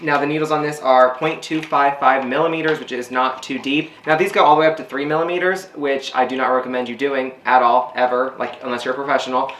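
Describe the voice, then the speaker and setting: A man's voice: medium pitch, fairly even intonation, fast, few pauses, fairly bright tone, reverberant, slight background noise. A man telling a story in a casual, rambling way while he does his skincare routine. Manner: rambling, filler-heavy chat. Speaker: beauty vlogger.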